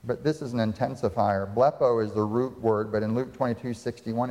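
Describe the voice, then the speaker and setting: Fast and nearly pause-free, a pastor with a warm, medium-pitched, steady voice dramatically retells scripture and puts rhetorical questions to his congregation. The church sanctuary gives the recording a long hall reverb.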